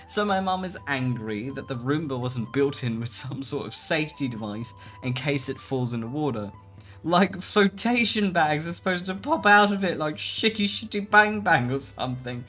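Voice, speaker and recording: Lively streamer voice, mid pitch, big swoops in tone, frequent laughter, casual swearing, soft music underneath. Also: moderate pace. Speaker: VTuber streamer. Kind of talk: casual live-stream chat reading posts aloud.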